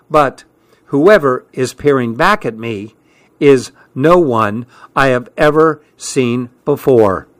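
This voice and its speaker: A man narrating a first-person story at an unhurried, deliberate pace. His voice sits at a mid pitch and stays calm and measured. The sound is dry and close to the mic, with no room around it. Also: no echo. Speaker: audiobook narrator.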